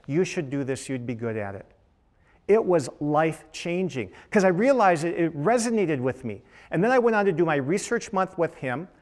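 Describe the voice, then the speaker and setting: A middle-aged man, a dermatologist on a panel, tells his story to students with quoted voices and rhetorical questions. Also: on the high side.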